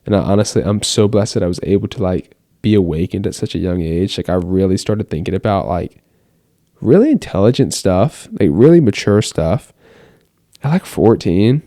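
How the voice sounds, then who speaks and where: A man's voice: low-pitched, expressive, normal speed, dark tone, dry recording, studio quality. A seventeen-year-old boy from the United States, talking to the camera in his bedroom late at night in a rambling, earnest monologue full of "like" fillers. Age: teens. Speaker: vlogger.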